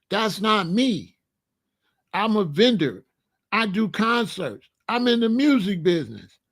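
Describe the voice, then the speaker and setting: A man in his sixties telling stories in a casual, animated way, full of street slang and "you know what I'm saying.". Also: sits high. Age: 60s. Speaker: channel host. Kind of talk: casual storytelling monologue.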